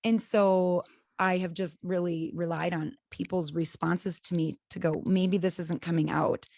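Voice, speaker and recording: A middle-aged woman co-hosting a casual faith podcast, animated and laughing often as she tells stories. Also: lowish voice, measured pace, creaky, no echo. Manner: animated, laughs often, acts out quoted voices. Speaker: podcast co-host. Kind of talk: casual chat.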